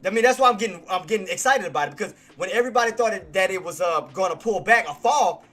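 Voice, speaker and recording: A male streamer giving live trading commentary, excitable, repetitive and quick to apologize. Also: sits high, soft background music.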